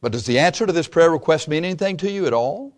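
A man's voice: fairly high pitch, animated, fast. A male preacher giving an impassioned sermon, telling the story and acting out the voices of its figures.

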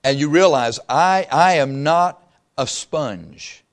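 A man's voice: a little high, lively intonation, slow pace. A male pastor preaching a conversational sermon in a church, telling stories and acting out little exchanges of dialogue. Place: church sanctuary.

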